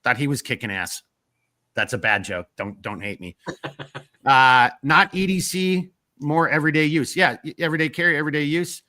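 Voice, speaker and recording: A man's voice: fairly high pitch, animated, moderate pace, bright, forceful tone, dry recording, studio quality. A man with a northern US accent hosting a live stream, reading viewer comments in a rambling, blunt way and swearing freely.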